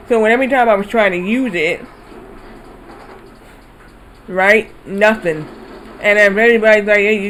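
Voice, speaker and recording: High-voiced rambling male streamer. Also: a little hiss or hum, rough recording. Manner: rambling, animated retelling with swearing. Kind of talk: casual storytelling while gaming.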